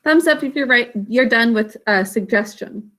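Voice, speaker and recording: A woman's voice: a little high, moderate pace, a bit bright. A woman teaching an online literacy lesson over a video call, carefully sounding out words and encouraging her students.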